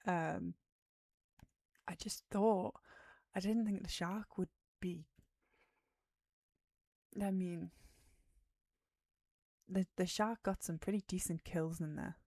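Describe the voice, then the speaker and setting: A woman's voice: fairly low pitch, steady tone, takes it slowly, creaky, pauses often, a little mellow, dry recording, clean studio sound. A tired woman streamer, rambling in casual chat about a film and sometimes dropping to a whisper. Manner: rambling, drifts off topic, drops to a whisper at times. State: tired, yawning. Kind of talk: casual movie chat on a livestream.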